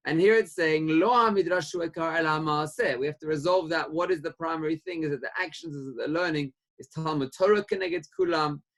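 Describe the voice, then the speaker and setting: Male rabbi, Torah lecture; fairly high-pitched, animated questioning delivery with Hebrew terms. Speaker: rabbi teaching a class.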